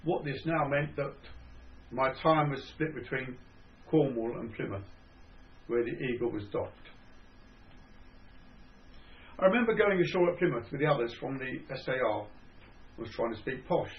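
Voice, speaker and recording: An older man with a Cockney (Estuary) accent reading his own memoir in a measured, dry storytelling manner. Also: mid-range voice, animated. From England. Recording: dull lo-fi recording.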